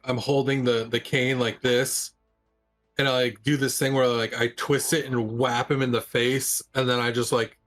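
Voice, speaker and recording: A man with a mid-range voice eagerly narrates his character's brawl in a tabletop game. He describes each move with lively detail. Faint music sits in the background. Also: medium pitch. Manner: animated storytelling of action. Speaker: player. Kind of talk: casual tabletop play.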